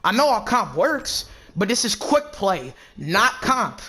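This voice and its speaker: A man's voice: high-pitched, big pitch swings, takes it slowly, bright, forceful tone. A gaming YouTuber, a man, arguing heatedly in voice chat and then commenting, combative and repetitive, swearing often.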